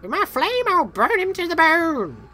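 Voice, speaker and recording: A shrill old game witch, as a man puts her on. She taunts in a sing-song voice that leaps high and swoops all over. The tone is bright and sharp. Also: wildly swooping pitch, a little slow, heavily acted. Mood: gloating. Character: pair of cackling old witch sisters.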